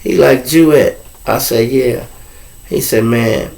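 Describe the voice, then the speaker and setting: A man's voice: mid-range voice, slow, vocal fry, slight background noise, low-quality recording. A man with a Chicago accent, hosting his own show and telling a story in casual, slangy street talk, acting out the other people's lines. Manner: animated, acts out other people's voices in dialogue.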